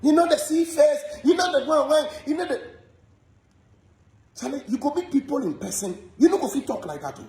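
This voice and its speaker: A Ghanaian man goes on a fast, fiery, repetitive rant about gossip, delivered as a heated monologue full of animation. His pitch sits high and jumps around phrase by phrase, with a clear echo from the room.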